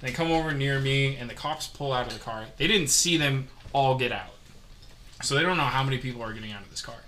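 Guy ranting through a story, mid pitch, bright tense voice, lots of cussing. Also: quick pace. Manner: profane, animated storyteller. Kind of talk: casual storytelling chat. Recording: faint background noise.

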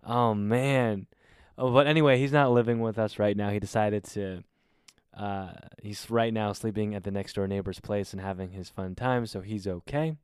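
A man in his twenties telling a story casually, in an animated and exasperated way with plenty of swearing. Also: lowish voice, normal speed, smooth, no echo, studio quality. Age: 20s. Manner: animated, profane, exasperated retelling. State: recovering from covid.

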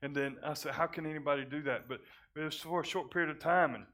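Male pastor, bright tenor, testimony sermon, quiet halting confession building to loud preaching. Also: fairly high pitch. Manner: halting restarts when emotional.

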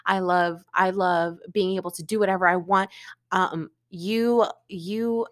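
A woman's voice: fairly low pitch, fairly even intonation, unhurried. A young woman from Florida, co-hosting a podcast, telling a breakup story in casual chat with lots of filler words and swearing. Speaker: podcast co-host.

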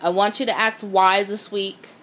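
A woman's voice: mid-range voice, level tone, normal speed, bright, forceful tone. Blunt, profane woman giving a pep talk. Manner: speaks directly to her viewers. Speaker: motivational vlogger. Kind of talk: motivational talk to camera.

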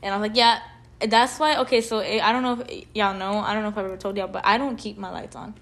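A young woman co-hosting a podcast, casually telling a story full of "like" fillers and animated asides. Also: medium pitch, rapid-fire. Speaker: podcast co-host. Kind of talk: casual chat.

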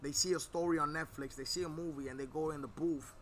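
A man, telling stories in animated casual chat full of slang and swearing. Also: fairly high pitch, quick pace, slight background noise. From New York. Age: 30s.

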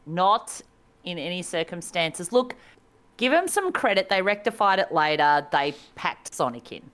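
A woman's voice: fairly low pitch, sing-song, a little slow, a bit bright. A woman co-hosting a casual video game podcast, wry and chatty, laughing often. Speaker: podcast co-host. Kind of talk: casual chat.

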